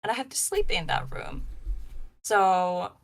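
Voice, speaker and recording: A woman's voice: medium pitch, sing-song, measured pace. A young woman, a paranormal investigator guest, telling her story in casual live-show talk, rambling with many likes and ums.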